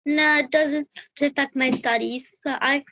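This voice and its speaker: High-voiced girl learning a British accent. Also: fairly even intonation, pushed and bright, dry recording, highs cut off. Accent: Indian English, imitating British. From India. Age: child. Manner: hesitant, repeats words, halting. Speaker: young English learner. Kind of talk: video call conversation. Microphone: video call.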